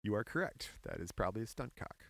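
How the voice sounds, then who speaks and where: A man co-hosting a laid-back podcast, recounting a story with a lively, swooping voice and teasing his co-host. The sound is close and dry, with no room around it. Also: lowish voice, fast talker, dry recording. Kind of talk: casual chat.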